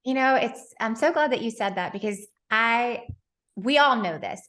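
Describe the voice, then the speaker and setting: A woman hosting a podcast interview, telling stories in an animated, chatty way. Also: fairly high pitch, moderate pace. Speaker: podcast host. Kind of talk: casual interview chat.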